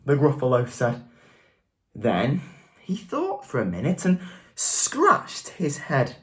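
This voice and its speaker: Low-voiced encouraging woman teacher. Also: huge pitch swings, slow, long pauses. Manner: encouraging, praising, coaxing questions. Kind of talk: reading a picture book aloud to children.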